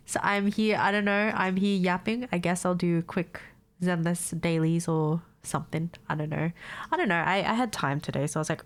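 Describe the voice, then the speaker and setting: A woman's voice: lowish voice, animated, moderate pace. Stuffy-nosed young woman chatting on stream. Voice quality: nasal, congested. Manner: chatty, swears casually, laughs often. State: stuffed-up nose from a cold. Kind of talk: casual chat with viewers.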